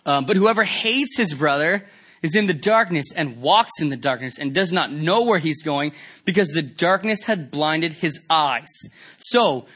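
A man preaching a sermon in a conversational, animated way, asking the congregation rhetorical questions. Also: a little high, unhurried, breathy edge. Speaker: pastor.

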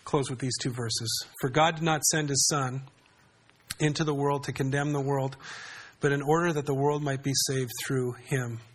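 A male pastor delivers a sermon like a conversation, regularly asking the congregation questions. He speaks at a moderate pace in a medium-pitched voice with fairly even intonation.

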